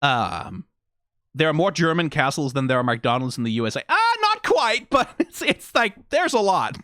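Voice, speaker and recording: Danish-accented streamer, rambling sweary reactor, animated delivery, dry room. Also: medium pitch, normal speed, no echo. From Denmark. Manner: rambling, swears often, many fillers. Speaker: video reactor. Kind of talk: casual reaction commentary.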